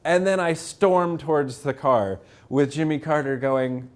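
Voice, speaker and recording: Animated man telling stories to an audience. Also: fairly high pitch, unhurried. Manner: animated, self-mocking, acts out quoted people. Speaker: author giving a library talk. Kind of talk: anecdotal storytelling to a live audience. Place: public library event room.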